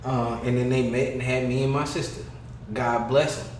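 A man's voice: medium pitch, flat delivery, normal speed, a little hiss or hum. Joking man in an echoey room. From California. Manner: loud, laughing, mocking imitations. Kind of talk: casual chat.

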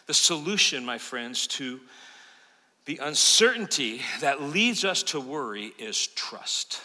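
A man preaching a sermon as pastor, swinging from loud urgent peaks to quiet, intimate asides. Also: medium pitch, very animated, slow pace. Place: church sanctuary. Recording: long hall reverb of a church sanctuary.

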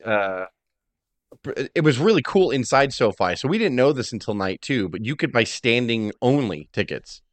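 A man's voice: medium pitch, big pitch swings, normal speed, no echo. A man co-hosting a podcast in casual chat, rambling and swearing freely. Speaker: podcast co-host.

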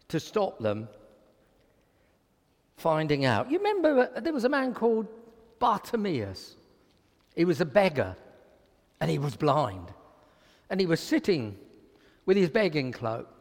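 A man delivering a sermon in a high voice whose pitch leaps and swoops as he tells Bible stories. He slips into the voices of the people he quotes. The recording carries the long, lingering reverb of a church hall. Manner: animated storytelling, acts out quoted speech. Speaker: preacher.

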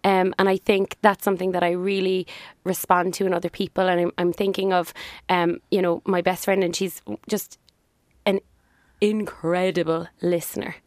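A woman's voice: fairly low pitch, little pitch movement, normal speed, a little mellow, dry recording. Businesswoman guest, chatty, easy laugh, dry close sound. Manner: chatty, laughs easily, thinks aloud with fillers. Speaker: business owner, interview guest. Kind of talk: casual interview chat.

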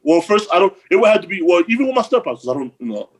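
Male co-host, husky voice, halting and repetitive. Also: high-pitched, very animated. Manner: hesitant, repeats himself. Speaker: podcast co-host. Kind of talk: casual banter.

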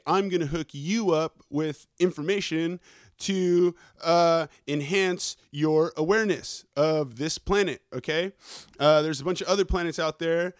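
A man hosting a podcast who rambles through a casual news rant, swearing constantly, talking fast and wired on coffee and checking in with his listeners. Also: on the high side, clean tone, no echo, studio quality. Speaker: podcast host.

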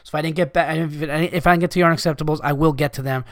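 Racing along with fairly even intonation, a man's slightly high voice comes through a clean, dry studio recording. This podcast host, a parent of young children who's recovering from sickness, vents to his audience with profanity-laced exasperation.

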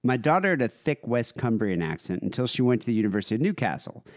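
A man's voice: mid-range voice, quick pace, dry recording, clean studio sound. A man co-hosting a casual podcast, reading listener emails aloud. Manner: reads emails aloud with lively, shifting delivery. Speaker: podcast co-host.

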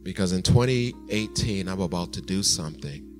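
A pastor preaching a sermon and telling a story, animated, with sudden soft, quiet asides. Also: male voice, sits low, normal speed, over music.

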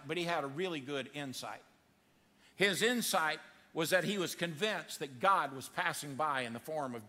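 A man preaching a sermon in a church, acting out the voices in his story with dramatic swings of pitch. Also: long reverb tail. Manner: animated, acts out quotes with big pitch swings. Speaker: pastor. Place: church sanctuary.

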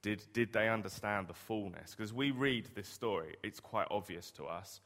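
A man's voice: on the low side, normal speed, a bit bright. A man preaching a sermon in a conversational way, often asking the listeners rhetorical questions. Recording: long reverb of a hall.

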